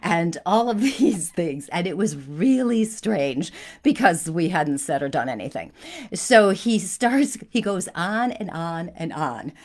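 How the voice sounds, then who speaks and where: A woman's voice: on the low side, animated, takes it slowly, a little mellow. A woman hosting a spiritual talk, telling a personal story in an earnest, conversational way with frequent restarts.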